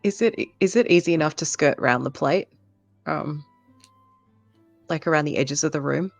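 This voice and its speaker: A woman's voice: low-pitched, moderate pace, vocal fry, no echo, soft background music. A woman playing a tabletop game, hesitant and asking questions. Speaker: player. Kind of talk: casual tabletop play.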